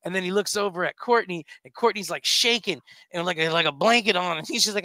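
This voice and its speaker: A man's voice: high-pitched, quick pace, hardly any pauses, no echo. A man, a stand-up comedian, telling a comic story in a radio studio and acting out every voice in it. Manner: lively, acts out every voice in his story.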